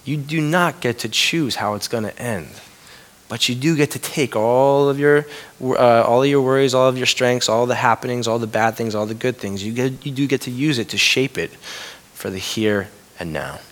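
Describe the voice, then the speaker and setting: A man in his thirties preaching a conversational sermon, lifting his voice when quoting and dropping soft and low for a personal story. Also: normal speed. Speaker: pastor.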